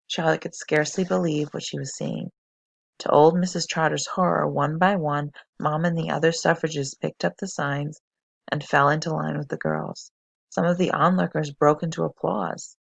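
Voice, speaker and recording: A teacher reading a novel aloud for a fifth-grade class, steady and expressive. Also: medium pitch, moderate pace, creaky, husky, dry recording.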